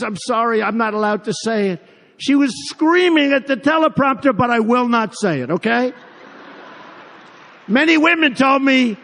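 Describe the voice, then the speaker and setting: Older man, rally speech, rambling, mocking asides, fairly high voice. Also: fairly bright tone. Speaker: political candidate at a rally. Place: large arena with a crowd. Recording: long hall reverb from a PA.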